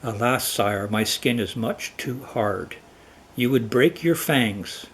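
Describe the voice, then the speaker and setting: A man's voice: mid-range voice, expressive, slow, a little hiss or hum. A man voicing a sly, overly polite male crocodile in a cartoon folktale. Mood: fawning.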